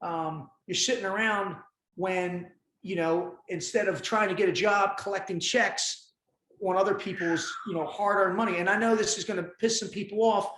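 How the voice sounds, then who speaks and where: A man's voice: high voice, steady tone, normal speed, fairly bright tone, roomy sound, slight background noise. A man in his fifties speaking as a podcast guest, blunt and emphatic, giving tough-love talk in casual conversation. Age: 50s.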